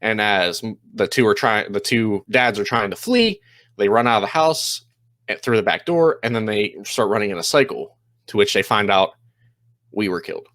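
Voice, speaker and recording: A man talking through an episode recap in a loose, rambling way, full of "you know" and "um", slipping into quick quoted lines as he goes. His voice sits somewhat low. The sound is dry and close, with little room echo. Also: expressive, a bit bright. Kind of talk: casual spoken recap.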